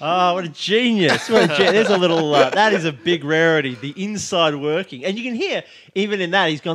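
A man's voice: high voice, animated, a little fast, hardly any pauses, crowd noise. A man hosting a podcast, chatting casually with many hesitations, swearing and laughing. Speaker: podcast host. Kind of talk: casual chat.

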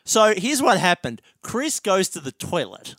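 A man's voice: high voice, measured pace, dry recording. A man chatting casually as a podcast co-host, telling a story and laughing through it. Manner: animated, laughs through his own story.

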